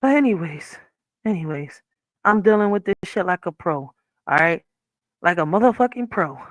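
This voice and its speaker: A woman's voice: on the low side, expressive, normal speed, no echo, poor audio. A woman hosting a livestream from her chair at home, telling a story in a casual, profane, laughing way. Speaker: livestream host. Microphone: wearing headphones.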